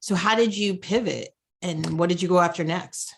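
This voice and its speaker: A woman hosts a podcast interview, summing up her guest's experience before moving to the next question. Her voice sits low with a gravelly fry. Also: normal speed. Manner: reflective, sums up the guest's point. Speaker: podcast host. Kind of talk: interview conversation.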